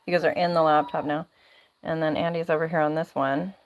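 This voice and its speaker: A woman's voice: sits low, fairly even intonation, a little fast, background noise. A woman hosting a casual livestream, chatty and rambling, laughing often, talking into a phone or laptop mic. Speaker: livestream host.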